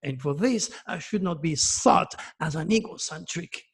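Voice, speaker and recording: Man in his seventies, French accent, gravelly, husky, boastful preaching monologue. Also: on the high side, animated, unhurried. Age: 70s. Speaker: astrologer host. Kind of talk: impassioned monologue to viewers.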